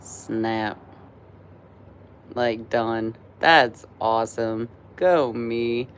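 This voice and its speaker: A woman's voice: extremely low pitch, drawn-out words, a little hiss or hum. A tired woman in her forties hosting a casual live stream, chatty and rambling, laughing often between thoughts. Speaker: livestream host.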